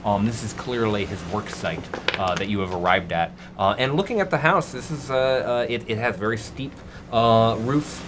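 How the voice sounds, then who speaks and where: A man narrating as game master of a tabletop game, hesitant and filling pauses with "uh". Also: lowish voice, noisy background. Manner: hesitant, many fillers.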